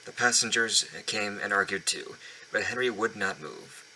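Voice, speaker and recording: A man reads a children's story aloud, stumbling now and then and going back over words. His voice sits fairly low but comes across bright and crisp, recorded at home. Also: normal speed, slight background noise, poor audio. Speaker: reader of a children's book. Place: home basement.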